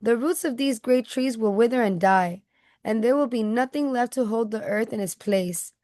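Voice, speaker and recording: A troop of storybook monkeys giving an urgent warning, read aloud by a woman. The voice is pitched a little higher and sounds close and dry. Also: moderate pace, warm tone, dry recording, lightly acted.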